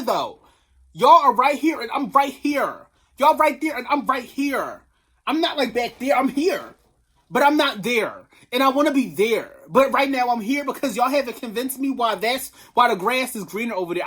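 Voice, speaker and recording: A woman venting in a casual vlog rant, sassy and rambling, talking straight to her viewers and swearing freely. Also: a little high. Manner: bursts into loud laughing, shrieking tangents. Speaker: vlogger. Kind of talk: casual commentary rant to camera.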